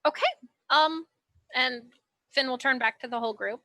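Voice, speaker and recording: A woman's voice: high voice, normal speed, pushed and bright, dry recording. A woman playing a tabletop role-playing game, asking questions in character with hesitant ums. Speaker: player.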